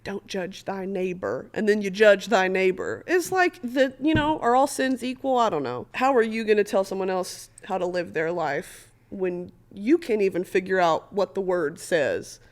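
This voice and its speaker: A young woman in her twenties, a podcast guest chatting casually, bubbly and prone to loud bursts of laughter and free swearing. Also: medium pitch, animated, moderate pace, hardly any pauses. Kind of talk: casual interview chat.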